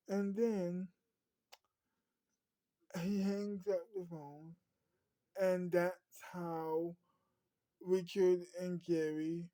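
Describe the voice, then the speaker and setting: A woman's voice: fairly low pitch, level tone, extremely slow, long pauses, mellow, no room sound. A woman telling an improvised story casually, hesitant and often restarting her sentences. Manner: hesitant, full of fillers and restarts.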